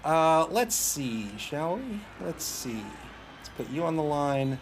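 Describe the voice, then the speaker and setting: A man's voice: a little high, very animated, slow, background noise. A man casually commentating his own video game match, taunting his opponent and chatting with viewers. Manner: banters with chat, taunts opponents, laughs.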